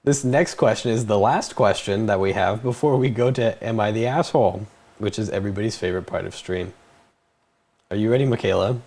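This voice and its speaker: A man's voice: lowish voice, a little fast, darkish tone. A young man hosting a casual livestream at a desk mic, jokingly reading out viewer questions and answering them. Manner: playful, jokey, reads viewer questions aloud. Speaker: stream host.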